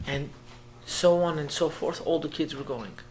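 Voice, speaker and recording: A man, a rabbi, telling a story in an emotional sermon. He swings from hushed tones to loud, urgent speech and repeats phrases for emphasis. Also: fairly high pitch, normal speed, slight background noise. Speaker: rabbi giving an inspirational talk.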